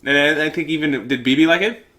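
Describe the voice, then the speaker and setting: A man co-hosting a podcast, sick and coughing, chatting casually about movies with restarts and quick laughs. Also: on the high side, very noisy. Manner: rambling, restarts, laughs easily. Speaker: podcast co-host. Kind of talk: casual chat.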